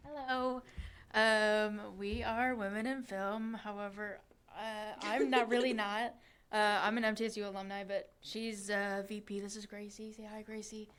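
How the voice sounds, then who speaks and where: Young woman, casual stage intro, hesitant with ums, mid-pitched voice. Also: little pitch movement, normal speed, fairly bright tone, smooth. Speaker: film club representative.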